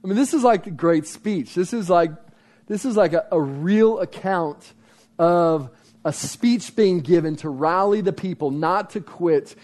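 Male pastor, sermon delivery, slightly high pitch, warm mellow tone, emphatic repetition. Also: a little slow. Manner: emphatic, repeats phrases for effect.

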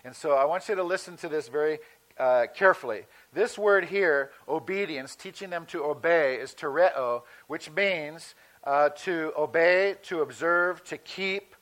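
A male pastor giving a sermon in a conversational teaching manner, slowing down to stress key words. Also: fairly high pitch, fairly bright tone, poor audio.

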